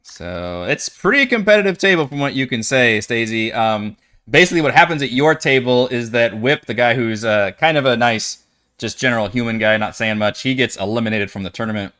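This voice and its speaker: Male game master, tabletop narration, animated, rambling, mid-pitched. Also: a little fast, clear, resonant tone. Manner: animated, loose, many fillers.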